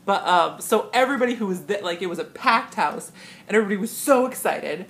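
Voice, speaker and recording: A woman's voice: animated, fast, gravelly, fairly bright tone, slight background noise. Gushing young woman vlogger, laughing. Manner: gushing, laughs often, jumps to squealing high impressions. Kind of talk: excited casual vlog recap. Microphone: tablet camera.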